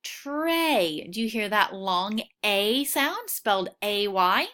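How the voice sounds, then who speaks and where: A woman teaching a recorded phonics lesson for children, patient and encouraging, sounding out each word clearly. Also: mid-range voice, big pitch swings, sharp tone. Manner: slow, clearly sounding out words.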